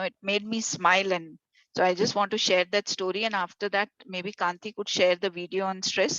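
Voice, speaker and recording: Speaking in a mid-range voice over dull, dry video call audio, a woman leads a workshop for volunteers. Her delivery is conversational, full of fillers and retold stories.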